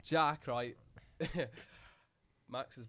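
A man's voice: medium pitch, steady tone, drawn-out words, bright, forceful tone. A young man telling a laddish anecdote in joking banter. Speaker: podcast guest. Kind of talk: casual chat.

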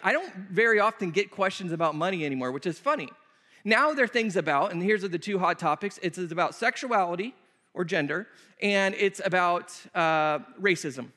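High-voiced preaching man in a hall. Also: sharp tone. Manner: conversational, emphatic, repeats phrases. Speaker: pastor. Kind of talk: sermon Q&A. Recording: long reverb of a hall.

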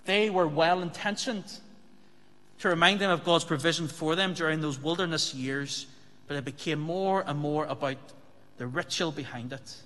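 A male pastor preaching with a bright, forceful voice that sits a little high. He speaks earnestly, asking the congregation rhetorical questions, and his words ring out with a long reverb across a church sanctuary. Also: moderate pace. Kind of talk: sermon.

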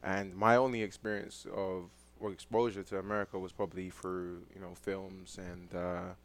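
A man's voice: low-pitched, little pitch movement, normal speed. A young man from London with a London accent, chatting casually as an interview guest, laid-back and laughing often. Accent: London English. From London, England. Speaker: football player guest.

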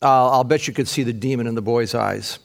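A man's voice: fairly even intonation, a little fast, gravelly. A male pastor preaching a sermon, retelling a Bible passage and acting out the voices of its people with dramatic rises. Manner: dramatic, acts out scripture quotes with big pitch jumps.

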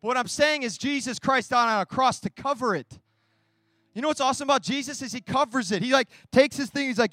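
High-voiced passionate young male pastor. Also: normal speed, long pauses, no echo, soft background music. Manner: passionate, swinging between hushed and loud. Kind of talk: sermon.

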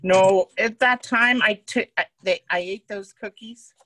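A woman co-hosting a podcast, talking in casual chat in a halting way. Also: medium pitch, a bit bright, poor audio. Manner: slow, halting, laughs between phrases. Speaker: podcast co-host.

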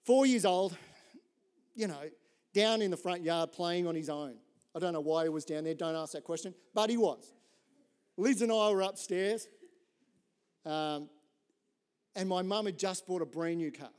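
A middle-aged man preaches with a fairly high voice. He tells his story in a lively, chatty way and keeps tossing "right?" to the listeners, moving easily between humour and earnest points. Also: moderate pace, pauses often. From Australia. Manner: animated, conversational, often asks "right?". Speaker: pastor. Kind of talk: sermon with storytelling.

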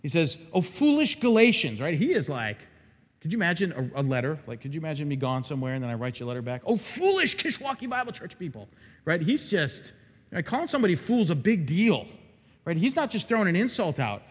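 A man preaching an expository sermon as pastor, animated and dramatic, acting out quoted lines with sudden rises in his voice. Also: on the high side, quick pace, breathy edge. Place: church sanctuary. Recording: long hall reverb.

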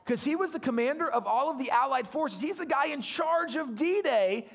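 Male guest pastor, animated storyteller, very high voice with a gravelly edge. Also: normal speed. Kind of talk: storytelling sermon.

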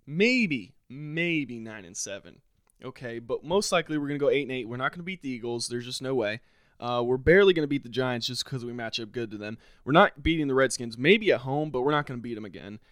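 A man of middle pitch rants alone on his podcast, frustrated and sarcastic. His voice keeps leaping up in pitch and volume when he gets worked up. He is close to the mic in a very dry, dead-sounding room. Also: animated, brisk, a bit bright, dry recording. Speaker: podcast host. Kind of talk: solo sports rant.

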